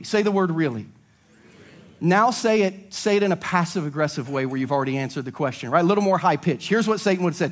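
A male pastor preaching a sermon, animated and acting out little dialogues as he goes. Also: on the high side, fast.

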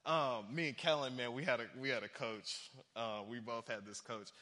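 A young adult man preaching a sermon from a church stage, animated, acting out quotes in other voices. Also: mid-range voice, moderate pace. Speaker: pastor. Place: large church hall. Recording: long hall reverb.

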